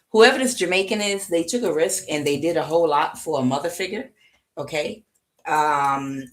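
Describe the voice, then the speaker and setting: A woman doing a casual tarot reading to camera, chatty and punctuating her points with "okay". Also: low voice. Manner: chatty, frequent "okay" checks, laughs at herself. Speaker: tarot reader.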